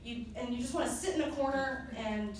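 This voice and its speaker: A woman's voice: high-pitched, brisk. Young woman speaking in an echoey hall. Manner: lively storytelling, laughing often. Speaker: presenter at a company convention. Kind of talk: motivational talk with personal anecdotes. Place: large conference hall. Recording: echoey hall from far off, noisy.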